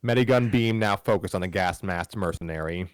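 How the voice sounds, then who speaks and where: On a live stream, a host with a very low voice reads a fan story aloud fairly quickly, stumbling over words, restarting lines and tossing in wry asides. The recording is dry, with no room sound.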